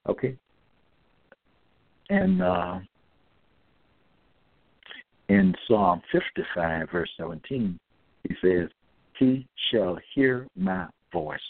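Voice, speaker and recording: A man's voice: low voice, vocal fry, no room sound. A man delivering a scripture-quoting monologue, repetitive and emphatic, reading out verse references. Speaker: self-styled religious preacher. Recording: tinny phone-like dry audio.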